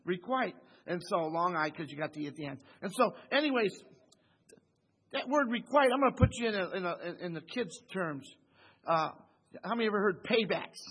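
A man's voice: sits high, animated, normal speed, fairly bright tone, slight background noise. A man preaching a Bible study sermon who keeps asking the congregation "Amen?" and chuckles between phrases.

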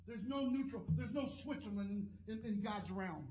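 A man's voice: high-pitched, moderate pace, a little mellow. A male pastor preaching a sermon, telling a story and leading a prayer, with frequent restarts and repeated words.

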